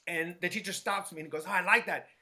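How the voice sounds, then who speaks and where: Bright, high-voiced animated male storyteller. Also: fast talker. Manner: animated, acts out quoted voices, frequent "right?". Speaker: guest, hair stylist. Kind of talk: casual storytelling interview.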